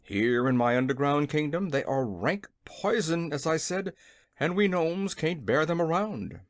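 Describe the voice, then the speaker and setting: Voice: medium pitch, expressive, unhurried, no echo, studio quality, natural voice. An audiobook reader voicing a small, blustering gnome king who growls and is easily frightened. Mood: alarmed angry.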